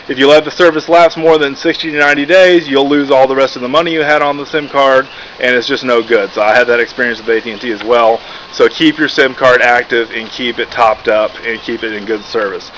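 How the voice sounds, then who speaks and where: A man's voice: medium pitch, fairly even intonation, brisk, hardly any pauses, a bit bright, rough recording. A man from Texas giving a casual, rambling product review, full of "uh" and "basically", with lots of restarts. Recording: background noise.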